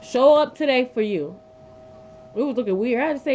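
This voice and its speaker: A woman's voice: high-pitched, lively intonation, a little fast, a little mellow. A woman giving a live tarot reading from her bed, blunt and profane, repeating her points for emphasis. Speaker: tarot reader. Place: sitting on a bed at home. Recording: dull lo-fi audio with faint hum.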